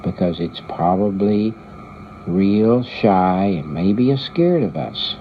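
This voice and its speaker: A big, careful father bear from a storybook, slow and low-voiced, as an older grandfather puts him on. The recording is slightly dull and muffled, with a faint hiss behind. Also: expressive. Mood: cautious.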